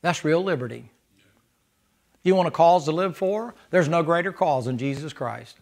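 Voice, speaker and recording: A preacher man delivers a sermon in a high-pitched voice. He preaches with passion and climbs into loud, soaring stretches whenever he quotes scripture. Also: expressive, normal speed, vocal fry. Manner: impassioned preaching, rising to high shouted stretches when reading and quoting. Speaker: pastor.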